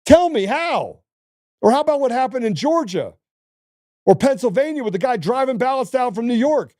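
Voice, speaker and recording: A man's voice: very high-pitched, lively intonation, fairly quick, a little mellow, dry recording, clean studio sound. A man hosting a political talk show, ranting in a heated, indignant way and swearing as he goes. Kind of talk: political talk radio rant.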